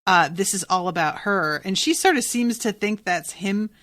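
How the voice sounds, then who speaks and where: A woman's voice: medium pitch, moderate pace, a bit bright, no echo. A woman co-hosting a podcast, recapping a TV episode in casual chat, blunt and exasperated, swearing freely. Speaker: podcast co-host.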